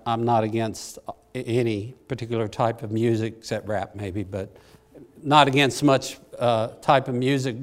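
A middle-aged man preaching, telling a personal story in a folksy, self-deprecating way that swings from hushed to excited. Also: medium pitch. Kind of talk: sermon storytelling.

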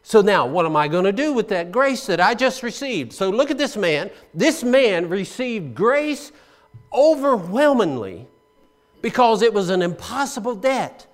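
A man preaching a sermon, explaining scripture conversationally and asking the congregation questions, swinging between loud emphasis and hushed asides. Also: high-pitched, very animated, unhurried. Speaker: pastor.

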